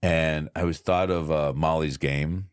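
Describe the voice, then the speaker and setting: A man with a low, deep voice, talking casually on a podcast and acting out what people said as he tells stories. He swears freely. The sound is dry and close, with no room echo. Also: measured pace, clean tone. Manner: animated storyteller acting out quotes, swears freely. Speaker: podcast co-host. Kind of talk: casual chat.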